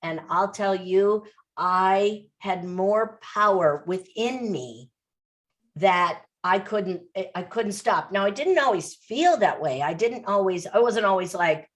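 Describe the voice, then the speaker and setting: A woman's voice: medium pitch, a little slow. Emphatic woman telling her story. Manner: emphatic, animated storytelling with repetition. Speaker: podcast guest. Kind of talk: interview.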